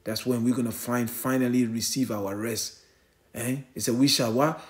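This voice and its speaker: Male online preacher, fervent and repetitive, mid-pitched. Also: fairly even intonation, moderate pace. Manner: fervent, repetitive, frequent "eh?" and "family". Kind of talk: online sermon and commentary.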